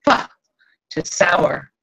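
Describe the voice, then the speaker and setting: A woman's voice: very slow, a bit bright. A woman reading as a sly wheedling male spirit. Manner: archaic, coaxing, theatrical. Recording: dull lo-fi video call audio.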